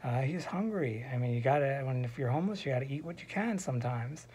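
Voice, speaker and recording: This storyteller talks fast in a medium-pitched, expressive voice that is a little mellow and slightly rough. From a hospital room, he rambles casually through a silly fairy tale, wandering off into asides and at times lowering his voice to a whisper.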